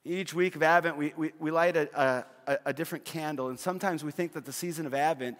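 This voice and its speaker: A man's voice: fairly high pitch, fast, fairly bright tone. A middle-aged man preaching a sermon as a pastor, telling stories with humor and often restarting his phrases. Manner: storytelling with humor, frequent repeated restarts. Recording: long hall reverb.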